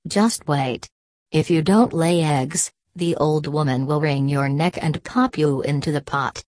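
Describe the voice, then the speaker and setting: A woman's voice: low voice, measured pace, darkish tone, no echo. A woman voicing a bossy hen who frightens others, in a threatening tone. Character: bossy, menacing farmyard hen.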